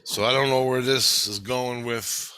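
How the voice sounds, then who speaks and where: A man's voice: mid-range voice, unhurried, a little hiss or hum. A man rambling to the camera in a loose monologue, swearing constantly and often laughing. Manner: profane, rambling, excitable; laughs often while talking.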